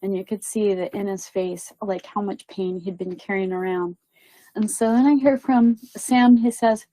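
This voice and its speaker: A woman's voice: medium pitch, moderate pace, dark tone, no room sound, poor audio. A woman telling a story as a medium, chatty and full of fillers and quoted voices. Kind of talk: casual storytelling.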